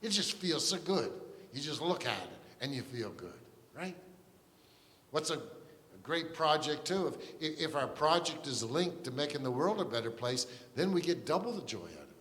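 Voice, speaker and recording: A man's voice: on the high side, sing-song, moderate pace, a bit bright. A man preaching a sermon as pastor, earnest and conversational, with asides and restarts. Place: church sanctuary. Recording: long church reverb.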